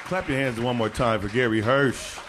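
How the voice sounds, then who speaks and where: A man's voice: medium pitch, moderate pace, crowd noise, background noise. A man hosting a live event, upbeat as he thanks one speaker and reads out the next speaker's bio. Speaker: event host. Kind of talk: introducing speakers. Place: stage before a live audience.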